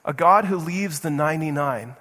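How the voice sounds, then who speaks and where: A man's voice: on the high side, moderate pace, pushed and bright. A male pastor preaching a passionate sermon to his congregation, firing questions at them and stumbling over repeated words as he pushes on. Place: church sanctuary. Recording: long reverb of a large hall.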